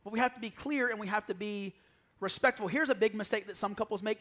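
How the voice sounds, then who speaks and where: High-voiced animated male pastor. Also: fast talker. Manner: animated storytelling, drops to a near whisper for asides. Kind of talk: sermon. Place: church sanctuary.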